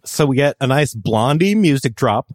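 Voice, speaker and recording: A man co-hosting a podcast, trading sardonic jokes and deadpan asides in a casual recap chat. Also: medium pitch, moderate pace, dry recording. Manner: sardonic jokey quips, dry deadpan asides. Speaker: podcast co-host.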